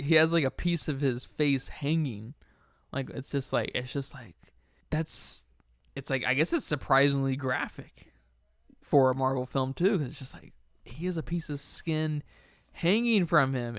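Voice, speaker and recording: A man's voice: mid-range voice, clear, resonant tone, no room sound, studio quality. A man co-hosting a podcast, chatting casually about a film with enthusiasm and loose phrasing full of fillers. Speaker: podcast co-host.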